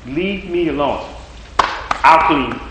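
A man's voice: on the high side, lively intonation, slow pace, background noise. A man preaching a sermon, driving his points home with repeated phrases and rhetorical questions. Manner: emphatic, repetitive preaching cadence with rhetorical questions. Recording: echoey room.

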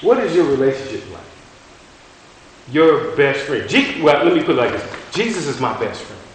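A man preaching a sermon in a folksy, halting way, often restarting and repeating words, and putting rhetorical questions to his listeners. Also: mid-range voice, very animated. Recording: very echoey room with faint hiss.

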